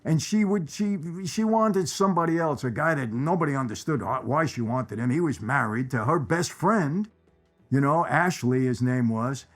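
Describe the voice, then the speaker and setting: A man's voice: mid-range voice, expressive, normal speed, soft background music. A man hosting his own channel, chatting casually about favorite movie lines in a rambling way, repeating phrases for emphasis. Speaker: channel host. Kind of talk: casual movie commentary to viewers.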